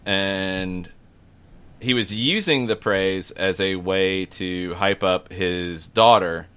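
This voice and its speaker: A man's voice: low-pitched, slow pace, a bit bright, smooth. A man hosting a sports podcast, talking things through in a questioning, analytical way. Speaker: podcast host. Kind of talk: casual sports talk.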